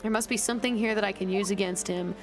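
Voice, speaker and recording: Calm formal male prosecutor voiced by a woman, mid-pitched, music underneath. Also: lightly acted. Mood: confident. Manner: measured, formal courtroom delivery. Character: composed confident male prosecutor. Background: game music.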